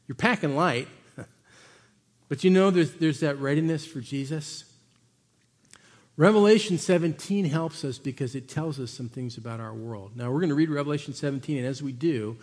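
A man preaching as a pastor, telling stories with animated swings between loud and hushed delivery. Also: mid-range voice, in a large hall. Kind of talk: sermon.

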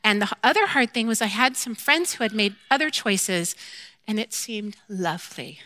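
Bright-voiced woman telling an animated testimony. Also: medium pitch, normal speed. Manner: animated storytelling that acts out her own quoted lines; candid and self-deprecating. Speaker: mother sharing a faith testimony. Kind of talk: personal testimony talk.

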